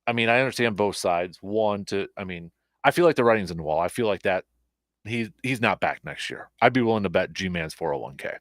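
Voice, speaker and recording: A man's voice: fairly low pitch, lively intonation, brisk, fairly bright tone, dry recording, clean studio sound. A man hosting a casual sports talk show. He rambles a bit, with plenty of fillers and restarts. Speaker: host.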